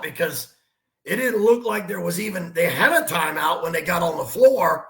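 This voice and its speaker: A man's voice: high-pitched, moderate pace, creaky, reverberant. A man, a basketball coach, telling stories and giving emphatic sports analysis on a talk show. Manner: animated storyteller, emphatic.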